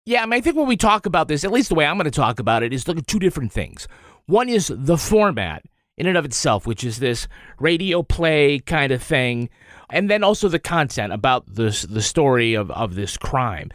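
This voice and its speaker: Male podcast co-host, expressive swooping pitch, frank opinions, dry close mic. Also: fairly quick, dry recording. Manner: opinionated, hedging with "you know". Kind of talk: casual review chat.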